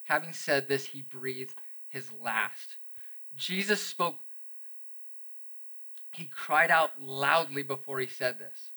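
Bright-voiced man preaching a sermon. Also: mid-range voice, slow pace, long pauses. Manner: earnest, builds to emphatic peaks then drops quiet; relatable asides to the congregation. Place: church service.

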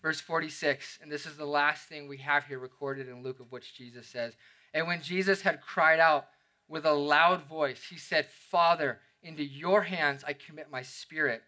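A man delivering a sermon in a bright, fairly high voice. He talks to the congregation in a relatable, conversational way, then builds to emphatic peaks before falling soft and hushed. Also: moderate pace. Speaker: preacher. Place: church service.

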